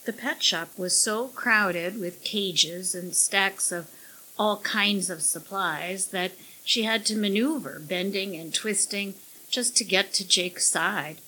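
A woman narrating a story at a measured, even pace. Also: medium pitch, husky, low-quality recording. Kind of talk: audiobook narration.

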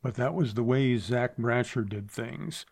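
A man reading a western novel aloud in a measured, steady narration. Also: mid-range voice, gravelly, husky. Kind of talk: audiobook narration.

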